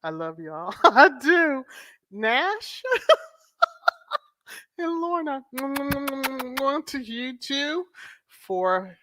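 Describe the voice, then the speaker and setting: A woman's voice: high voice, sing-song, extremely slow, pauses often, bright, forceful tone, no echo. A woman hosting a casual livestream, chatting affectionately with viewers and breaking into laughter often. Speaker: host of a royal-news channel.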